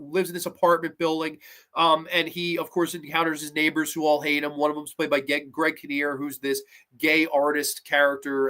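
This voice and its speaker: A man hosting a podcast, chatting casually about a film in a rambling, excitable way and swearing often. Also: on the high side. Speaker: podcast host. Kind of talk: casual movie review chat.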